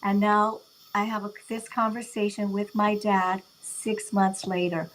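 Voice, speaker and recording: A woman's voice: mid-range voice, measured pace, slight background noise, low-quality recording. A woman, a guest on a talk show, telling a family story casually and bringing it to life with quoted dialogue. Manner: animated retelling with quoted dialogue.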